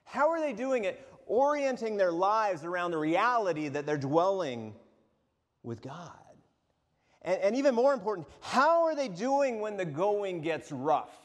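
A man preaches to his congregation, his slightly high voice rising and falling with great animation. He often restarts and repeats words as he pushes through his points. The sound carries a long reverb from a large church hall. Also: sing-song, measured pace. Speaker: pastor. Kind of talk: sermon.

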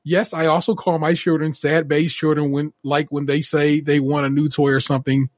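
A podcast co-host reading out a listener's story in a steady voice, adding wry asides. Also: male voice, on the high side, moderate pace, no echo, studio quality. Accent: Californian. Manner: steady read-aloud delivery with wry asides. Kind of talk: reading a listener story aloud, casual chat.

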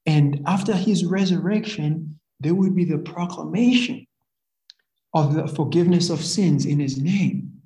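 A man preaching a sermon in an earnest, halting way, often rephrasing and repeating his phrases. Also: a little high, warm tone. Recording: echoey room.

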